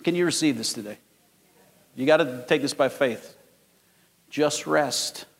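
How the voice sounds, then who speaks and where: A man in his fifties preaching a sermon as pastor, telling stories and rising to loud, emphatic peaks. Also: medium pitch, unhurried. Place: large church sanctuary. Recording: long hall reverb.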